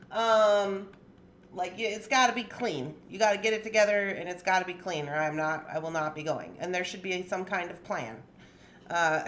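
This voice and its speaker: Chatty lady on a crafting livestream, voice bounces all over, little hum behind her. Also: mid-range voice. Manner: chatty, laughs often, lively and playful. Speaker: jewelry-making livestream host. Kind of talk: casual chat.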